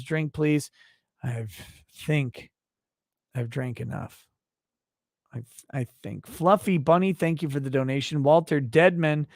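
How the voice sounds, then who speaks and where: A man's voice: fairly high pitch, no room sound, studio quality. A middle-aged man hosting a casual late-night livestream, reading viewer messages aloud with loose, profane joking.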